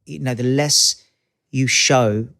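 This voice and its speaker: Man, australian accent, fifties, animated storyteller, casual interview guest. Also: mid-range voice, slow pace, gravelly. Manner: animated, acts out quoted voices in anecdotes.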